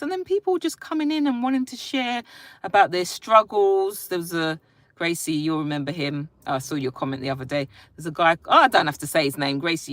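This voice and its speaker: Lowish voiced mum chatting on her phone live, super dry close sound, greets everyone by name. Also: no room sound. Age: adult, a parent. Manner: chatty, warm greetings to each viewer, free-flowing. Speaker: live-stream host. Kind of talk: casual chat reading viewer comments. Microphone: phone live stream.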